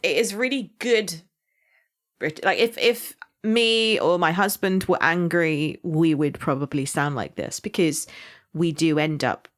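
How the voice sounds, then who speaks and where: A woman from England with a Somerset accent, co-hosting a podcast in casual chat, animated and laughing often. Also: on the low side, a little slow. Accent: Somerset English. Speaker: podcast co-host.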